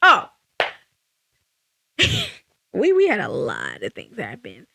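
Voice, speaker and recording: A young woman telling a casual storytime vlog, animated and sassy, with frequent restarts and laughter. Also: sits low, slow pace, gravelly. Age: young adult. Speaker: vlogger.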